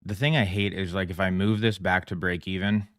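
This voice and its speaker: A man's voice: low-pitched, fairly even intonation, fairly quick, a bit bright, dry recording, studio quality. A man chatting casually on a trading livestream, rambling and self-mocking, laughing often as he talks. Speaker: livestream trader.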